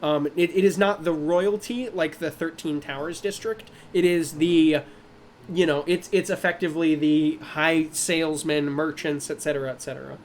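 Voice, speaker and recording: Man, game master, high voice, rambling, lots of fillers, faint noise behind. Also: steady tone, normal speed. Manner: rambling, filler-heavy, laughing often. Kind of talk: narrating a tabletop game.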